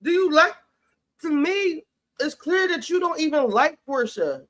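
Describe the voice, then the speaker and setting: A man's voice: very high-pitched, very animated, measured pace, a bit bright. A man giving sassy, profane, heated commentary on a reality show while cooking in his home kitchen. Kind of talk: casual commentary chat.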